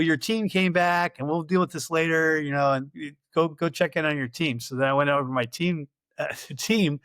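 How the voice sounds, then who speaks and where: A middle-aged man spins long, rambling stories as a podcast guest, slipping into quoted back-and-forth and chuckling along the way. His voice sits at an ordinary pitch for a man. The recording is close and dry, with no room sound. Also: a bit bright, no echo. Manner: rambling anecdotes with acted-out quoted dialogue, laughing often. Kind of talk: casual storytelling interview.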